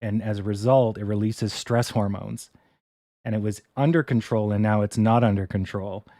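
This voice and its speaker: A man's voice: fairly low pitch, steady tone, normal speed, dark tone, dry recording, studio quality. A man hosting a casual stock live stream, ranting in exasperation, sighing and swearing. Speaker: stock livestream host.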